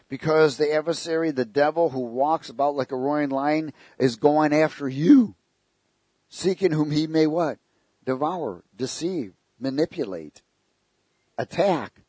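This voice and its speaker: Man, preacher, sermon, husky, somewhat high, dry sound, jokey rhetorical questions. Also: a little mellow, no room sound. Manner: storytelling with jokes and rhetorical questions.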